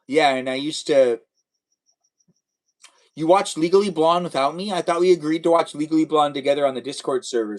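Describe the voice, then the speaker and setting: A young man chats his way through a relaxed live stream, his voice sitting a little higher than most men's. He talks playfully and casually, reading out viewers' messages and answering them. He speaks into a desk microphone. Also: poor audio. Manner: chatty, playful, reads and answers chat.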